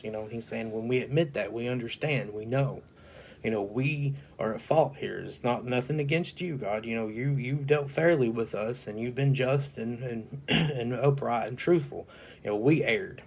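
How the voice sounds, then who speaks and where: A man's voice: medium pitch, moderate pace, husky. A man giving an informal Bible teaching, talking conversationally with frequent fillers and reading scripture aloud. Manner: conversational, many "you know" fillers, reads scripture aloud. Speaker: preacher.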